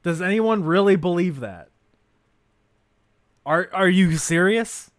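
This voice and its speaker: Mocking male streamer, lively voice. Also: high-pitched, slow, no room sound, studio quality. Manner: crude, mocking, swings between loud outbursts and mutters. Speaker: livestream host reacting to a video. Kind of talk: casual livestream commentary.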